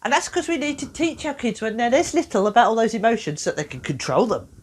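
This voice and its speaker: A woman, a therapist giving a playful, expressive workshop talk with self-mocking humor. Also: on the high side, quick pace, a little hiss or hum.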